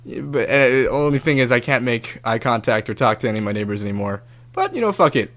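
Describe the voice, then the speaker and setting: A man hosting his own show, telling a story in a casual, animated monologue, swearing freely and acting out other people's lines in raised voices. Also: mid-range voice, fast. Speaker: podcast host.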